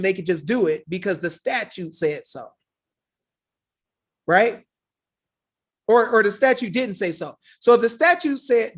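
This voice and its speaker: A woman giving an impassioned monologue to her viewers, preachy and fiery, firing off rhetorical questions and calling them y'all. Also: mid-range voice. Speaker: online legal rights commentator.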